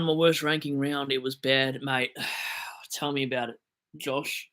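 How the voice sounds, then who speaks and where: A man's voice: medium pitch, level tone, a little slow, bright, forceful tone. A young Australian man hosting a livestream, reading viewer comments aloud and rambling in a jokey, self-deprecating way. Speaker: livestream host answering viewer questions. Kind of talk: casual livestream chat.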